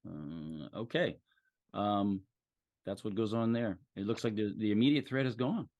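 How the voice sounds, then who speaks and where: Gravelly, easygoing male game master. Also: on the low side, moderate pace, a little mellow, no echo, dull audio. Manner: easygoing, filler-heavy narration. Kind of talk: running a tabletop game session.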